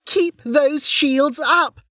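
Fierce young woman warrior, as read by a male narrator, commanding shouts, high and strained. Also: very slow, dry recording, clean studio sound, full character voice. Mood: shouting orders.

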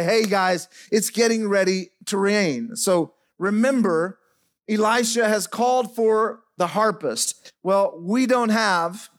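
A middle-aged man preaching a sermon as pastor in a church, dropping soft and low as he speaks over piano. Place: church sanctuary. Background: faint piano playing.

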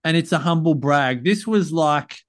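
A man's voice: a little high, lively intonation, moderate pace. A man hosting a podcast in a chatty, upbeat, loose way. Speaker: podcast host. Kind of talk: casual podcast chat.

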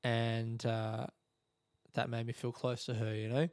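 A man's voice: medium pitch, completely flat delivery, a little slow, darkish tone, smooth, no room sound, studio quality. A tired man hosting a podcast alone in his room late at night. He rambles, yawns, swears and makes fun of himself. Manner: rambling, sleepy, profane and self-mocking. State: tired and yawning. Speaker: podcast host. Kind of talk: casual late-night monologue. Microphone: podcast microphone.

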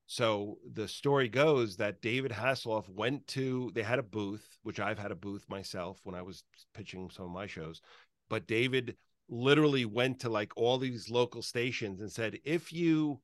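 A man's voice: lowish voice, fairly even intonation, moderate pace, dry recording, studio quality. A man hosting an interview, giving short encouraging reactions and telling his own stories with many fillers. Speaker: interview host. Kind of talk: casual interview chat.

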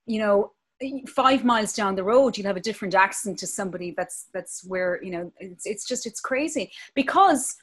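A woman's voice: medium pitch, normal speed. Chatty Irish woman in her fifties. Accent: Irish, County Clare. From Ireland. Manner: chatty, storytelling. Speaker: guest. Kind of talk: casual chat.

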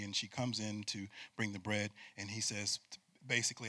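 Forceful, bright-voiced preaching man. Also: lowish voice, moderate pace, no echo. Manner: animated preaching, swinging from loud bursts to hushed asides. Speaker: pastor. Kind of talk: sermon with call-and-response.

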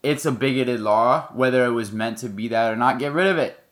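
A man talks straight to his viewers in a blunt, emphatic way, swearing freely as he makes his points. His voice sits at an everyday pitch for a man. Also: brisk, fairly bright tone. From United States. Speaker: online commentator. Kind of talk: opinion commentary to camera.

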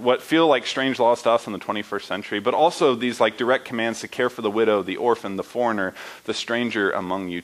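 A young adult male pastor preaches a conversational sermon, often posing rhetorical questions and checking in with "right?" alongside frequent fillers. His voice is mid-range, and the audio is poor.

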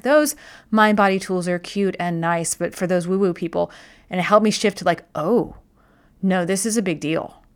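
A woman's voice: lowish voice, a bit bright, clean tone. A woman speaking as a wellness host in a casual explanatory talk, conversational, often restarting and repeating words.

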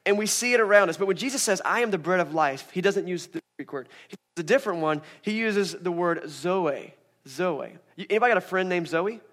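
A young adult man preaching a sermon as pastor, playful and animated, acting out scripture scenes in voices. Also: high-pitched, fast, hardly any pauses.

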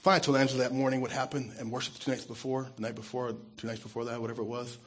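A man who is a pastor, giving an earnest and emotional testimony sermon, his voice dropping soft when he is moved. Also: mid-range voice, little pitch movement, rapid-fire, slight background noise.

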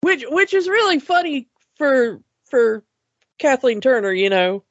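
A woman's voice: high-pitched, very animated, a little slow, no echo, lo-fi sound. A woman co-hosting a casual talk show about cartoons, chatty and enthusiastic, often restarting her sentences. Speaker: podcast co-host. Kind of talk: casual cartoon review chat.

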